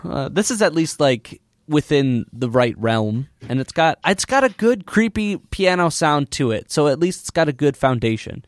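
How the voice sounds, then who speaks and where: A man's voice: a little high, sing-song, moderate pace, few pauses, no room sound, clean studio sound. A man chatting casually about film music as a podcast co-host, laughing often and mimicking the sounds of the score. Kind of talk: casual chat.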